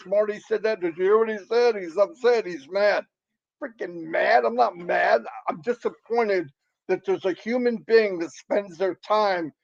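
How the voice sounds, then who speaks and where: A middle-aged man with a notably high voice for a man, speaking in an emphatic, excitable rush of motivation. He repeats phrases for effect. The recording sounds dull and lo-fi. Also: vocal fry. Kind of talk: impassioned motivational talk.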